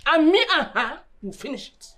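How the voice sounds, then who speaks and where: An actress with a Nigerian accent playing a harsh, loud, scolding mother. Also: sits high, sing-song, moderate pace. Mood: angry.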